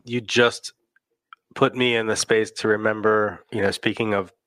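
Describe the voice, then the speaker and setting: A man talking through his past in recovery during a relaxed conversation. He wanders and restarts as he thinks aloud, and the recording is dry and close, with little room sound. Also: fairly low pitch, moderate pace, no room sound. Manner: reflective, rambling with restarts. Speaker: person in recovery sharing experience. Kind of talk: casual personal conversation.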